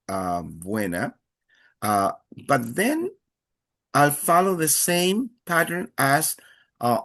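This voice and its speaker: A man's voice: mid-range voice, fairly bright tone. A man teaching a beginner Spanish class, explaining patiently with many fillers and acting out short dialogues. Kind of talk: live online Spanish lesson.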